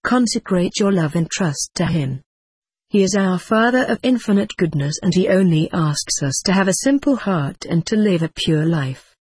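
A woman's voice: fairly low pitch, animated, a little mellow, breathy edge, no room sound. A woman voicing a frail devout mother. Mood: tender. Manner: slow, tender, pleading. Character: ailing devout widowed mother, gentle. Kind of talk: audiobook character reading.

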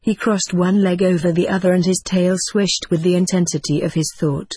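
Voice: mid-range voice, fairly even intonation, normal speed, darkish tone, husky, no echo. A narrator reading a humorous story aloud with a wry, dry-humored telling.

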